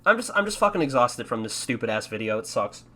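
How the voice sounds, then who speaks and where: A man's voice: mid-range voice, big pitch swings, fast talker, bright, forceful tone. A man hosting a casual commentary, talking in a profane, self-mocking, rambling way. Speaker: podcast host. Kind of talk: casual commentary on his old videos.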